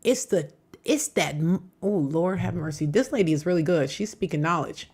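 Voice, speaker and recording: A woman's voice: on the low side, lively intonation, normal speed, darkish tone, husky. A middle-aged woman hosting a live reaction show, talking back to the clips she plays with emphatic, personal commentary.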